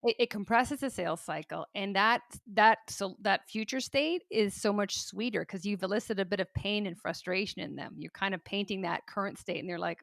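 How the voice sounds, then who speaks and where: A woman hosting a casual interview on a video call, thinking aloud with quick restarts. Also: mid-range voice, vocal fry, fairly bright tone, dry recording, studio quality. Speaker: podcast host.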